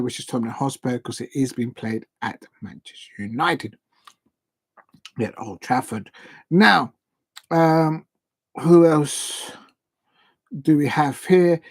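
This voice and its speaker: A man's voice: medium pitch, darkish tone, no room sound. A man hosting a live football watch-along stream, recapping the day's results in a chatty, rambling way and stumbling over player and club names.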